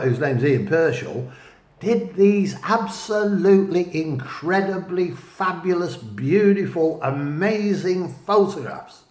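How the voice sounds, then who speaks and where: Brief: slow-talking man from northwest England, fairly high voice, self-mocking storyteller. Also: roomy sound. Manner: rambling, self-mocking, chuckling asides. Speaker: writer and vlogger. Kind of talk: casual storytelling monologue.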